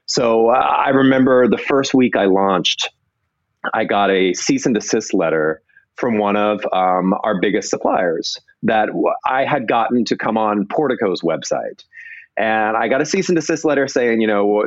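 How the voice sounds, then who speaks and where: A man with a fairly low voice recounting his business past in a loose, rambling way, often restarting and acting out what others said. The sound is dry and a bit dull, like a modest lo-fi setup. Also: animated, moderate pace, dry recording. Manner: rambling, restarts, acts out quoted people. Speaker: entrepreneur guest. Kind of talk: casual storytelling interview.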